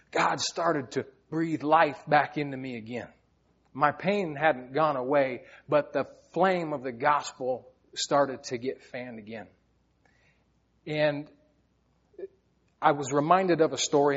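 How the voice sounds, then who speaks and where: A man's voice: medium pitch, dull audio. A man preaching a sermon, telling personal stories in an earnest, heartfelt way, often repeating words as he goes. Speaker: pastor.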